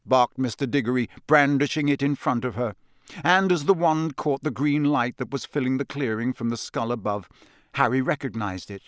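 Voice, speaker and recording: A man's voice: medium pitch, normal speed, no echo, studio quality. A man narrating a novel expressively as an audiobook reader. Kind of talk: scripted narration.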